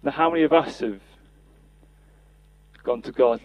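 A man's voice: medium pitch, unhurried, no room sound. An earnest man preaches a sermon, lifting his voice whenever he quotes scripture. The sound is dry, with no room around it, and slightly dull, like a lo-fi podcast recording. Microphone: podcast mic.

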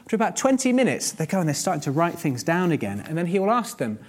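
A man's voice: fairly high pitch, very animated, fast talker. A man preaching a sermon in a conversational, earnest teaching manner, using everyday examples.

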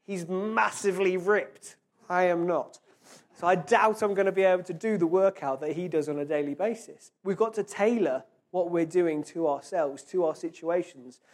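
A man giving an informal sermon, chatting casually and reading scripture slowly with emphasis. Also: high voice, a little mellow. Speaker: preacher.

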